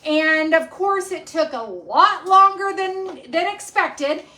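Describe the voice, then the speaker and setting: A woman's voice: extremely high pitch, lively intonation, slow pace, bright, forceful tone. A woman hosting a home cooking live stream, chatting in a rambling way with lots of ums as she cooks in her kitchen. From Texas. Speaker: cooking show host.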